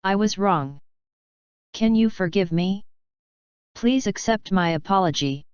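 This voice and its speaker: A woman reading short English example phrases aloud one by one in a slow, careful lesson delivery. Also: medium pitch, clean tone, dry recording, highs cut off. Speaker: English teacher.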